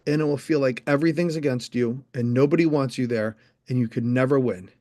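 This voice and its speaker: A middle-aged man, a motivational speaker, telling an animated story on stage and speaking straight to a live audience. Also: mid-range voice, brisk. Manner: animated, addresses the audience directly.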